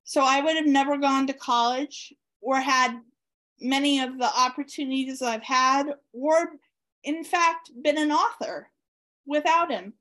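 A woman with a high voice tells a personal story at an unhurried pace. She talks warmly and eagerly, with plenty of ums and uhs, as an author being interviewed. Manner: warm, excited storyteller with frequent fillers. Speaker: author guest.

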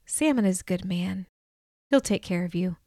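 A woman voicing a gentle, weary young man who is dying, in an audiobook. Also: on the low side, animated, moderate pace, dry recording, studio quality.

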